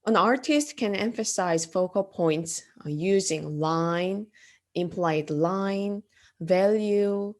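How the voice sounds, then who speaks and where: A woman's voice: mid-range voice, slow pace, darkish tone. A woman teaching an art class, explaining design terms step by step with frequent ums and uhs and questions to the class. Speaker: art instructor. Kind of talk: lecture.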